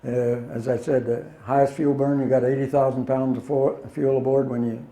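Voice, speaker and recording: An older man spins folksy, plainspoken stories for a room of listeners, his voice mellow and warm. He chuckles at his own punchlines, and the sound carries a roomy hall echo. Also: medium pitch, little pitch movement, brisk. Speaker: guest speaker, former pilot. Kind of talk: anecdotal talk to an audience. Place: meeting hall.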